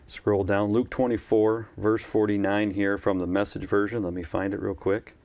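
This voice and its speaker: A man's voice: lowish voice, little pitch movement, normal speed, darkish tone, no echo. A man preaching a live-streamed church sermon in a conversational way, with asides and repeated phrases.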